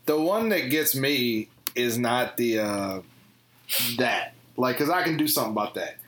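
A man co-hosting a podcast, laying out his everyday gripes in measured casual chat. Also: medium pitch, lively intonation, a bit bright, echoey room. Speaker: podcast co-host.

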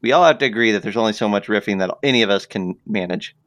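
A man's voice: fairly low pitch, fast talker, a bit bright. A man co-hosting a tabletop gaming podcast, laying out his point and often checking in with the others. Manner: explaining, checks in with "right?". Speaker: podcast co-host. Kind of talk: casual chat.

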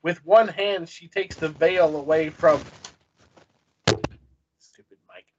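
A man's voice: fairly high pitch, fairly even intonation, slow, a little mellow, a little hiss or hum. A man reading a gamebook aloud with friends, flustered and self-deprecating, swearing often. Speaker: reader. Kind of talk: casual chat, reading aloud. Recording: dull lo-fi mic.

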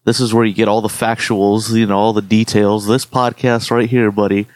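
A man's voice: fairly low pitch, level tone, moderate pace, no room sound. A man co-hosting a podcast, telling rambling stories in casual chat with lots of swearing. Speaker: podcast co-host.

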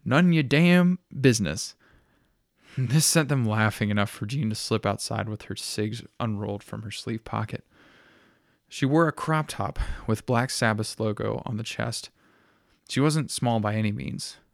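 A man reading a story aloud in a steady, plain narrating style. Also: on the low side, normal speed, vocal fry, dry recording, clean studio sound.

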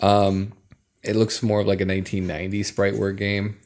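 A man's voice: on the low side, monotone, normal speed, a little mellow. Male co-host, casual review chat, rambling, hesitant delivery. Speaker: podcast co-host.

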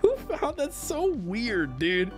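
A man talks to his livestream chat in a high, animated voice that leaps up and down. He swears freely and chats casually into a close desk microphone. Faint music plays behind him. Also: takes it slowly. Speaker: livestream host.

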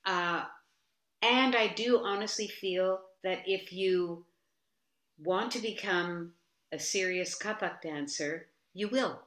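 A woman's voice: fairly low pitch, takes it slowly. A woman dance teacher as a guest, chatting animatedly and telling stories. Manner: animated storytelling, frequent "you know". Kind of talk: casual interview chat. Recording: roomy echo.

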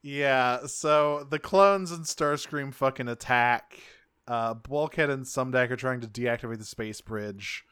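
A man's voice: medium pitch, a little slow, a bit bright, smooth, dry recording, studio quality. A man co-hosting a podcast, recapping a cartoon episode in casual chat, swearing freely and laughing as he goes. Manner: loose, swears often, laughs while talking. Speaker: podcast co-host.

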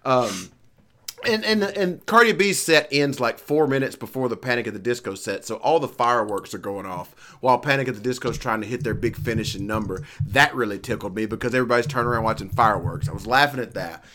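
A middle-aged man telling a long, profane story in casual chat, animated and playful. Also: medium pitch, fast.

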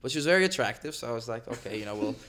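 A man's voice: mid-range voice, expressive, rapid-fire, a bit bright. Rambling young man telling a story. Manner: rambling storyteller, many fillers. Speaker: podcast guest. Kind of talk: casual chat.

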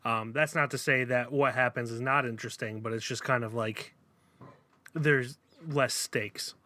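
A man's voice: medium pitch, steady tone, a little slow, pushed and bright. A man co-hosting a movie podcast, talkative and opinionated in casual chat about films. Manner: talkative, opinionated film reviewing. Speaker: podcast co-host.

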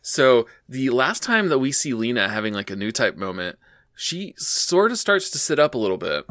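A man narrating episode events for a podcast in a steady, unhurried retelling, pausing on "uh" and "um". His voice is bright and sharp. It sounds dry, with no room echo. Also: mid-range voice. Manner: steady plot retelling with "uh" and "um" fillers. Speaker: podcast co-host. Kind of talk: casual anime recap narration.

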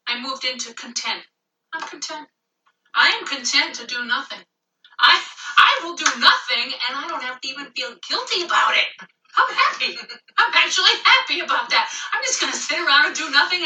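A middle-aged woman doing a casual stand-up monologue at home, profane and animated, laughing at her own jokes. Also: sits high, reverberant, far from the mic, a little hiss or hum, low-quality recording. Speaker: stand-up comedian.

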